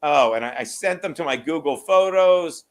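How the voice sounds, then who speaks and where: A man co-hosts a podcast, chatting casually in a crude, rambling, joking way. His voice is a little high, at normal speed.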